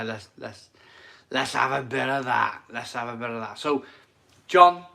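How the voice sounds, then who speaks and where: A man's voice: mid-range voice, a bit bright. A middle-aged man casually chatting on a live stream from his home kitchen, enthusiastic and rambling, repeating his phrases as he reads out viewer comments.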